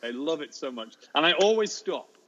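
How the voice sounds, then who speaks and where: A man, a teacher telling an animated anecdote in an interview, jumping into high voices for the children he quotes. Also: normal speed, highs cut off. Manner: lively storyteller, acts out children's voices in high pitch. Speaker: teacher and storyteller guest.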